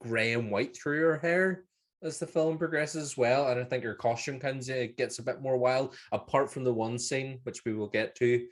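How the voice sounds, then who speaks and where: A man's voice: medium pitch, moderate pace. A man with a Northern Irish accent co-hosting a casual horror film review, rambling and swearing freely as he retells scenes. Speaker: podcast co-host.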